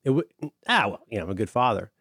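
A man's voice: lowish voice, sing-song, fast, fairly bright tone, husky, dry recording, studio quality. A middle-aged man chatting casually as a podcast co-host, enthusiastic and rambling, full of fillers and restarts. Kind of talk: casual chat.

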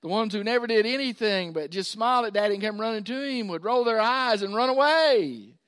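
A middle-aged pastor preaches in a folksy, conversational style, turning to his congregation with asides. His voice sits high for a man, and the sound is close and dry. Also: animated, a little fast, fairly bright tone, smooth, no echo. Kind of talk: sermon.

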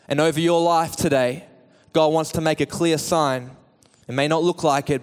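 A man preaching a sermon who moves from quiet, measured teaching to loud, half-sung calls. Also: on the high side, fairly even intonation, clean tone. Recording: echoey hall with long reverb.

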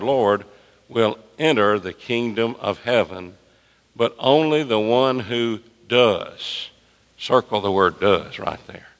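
A pastor preaching a sermon to his congregation. His voice rises and drops sharply in pitch and volume as he presses his points. The sound carries the long reverb of a large church sanctuary. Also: fairly bright tone. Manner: emphatic preaching with wide swings in pitch and volume.

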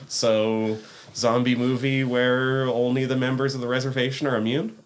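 A man co-hosting a casual movie podcast, giving measured opinions. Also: medium pitch, little pitch movement. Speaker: podcast co-host. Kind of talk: casual chat.

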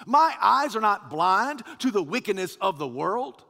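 A man voicing God as a stern, weighty divine figure, speaking in slow, measured lines within a sermon. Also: high-pitched, very animated, vocal fry, sharp tone, long reverb tail, heavily acted.

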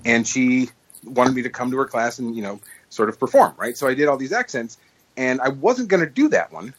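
A man's voice: medium pitch, lively intonation, a little fast, slightly rough, poor audio. A man co-hosting a podcast, chatting casually and telling stories animatedly with frequent restarts. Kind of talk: casual chat.

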